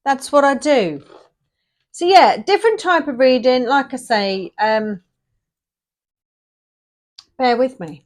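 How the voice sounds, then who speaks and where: A woman's voice: high voice, animated, takes it slowly, pauses often. Chatty, rambling woman reading tarot. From England. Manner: chatty, rambling, loses her thread. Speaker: tarot reader. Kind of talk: casual tarot reading video.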